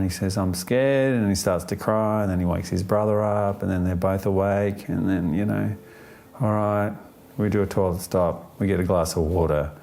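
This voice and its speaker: A man answering an interview question in a thoughtful, unhurried way, often pausing with fillers and restarting his sentences, with a gently upbeat tone. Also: low-pitched.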